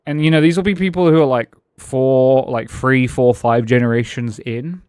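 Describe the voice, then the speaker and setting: A British man chatting casually over a game stream, his voice sitting at an ordinary middle pitch. He rambles through his thoughts, restarting sentences and chuckling between them. The sound is dry and close, with no room around it. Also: steady tone, moderate pace, a little mellow, clean tone, no echo. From Britain. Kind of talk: casual gaming-stream chat.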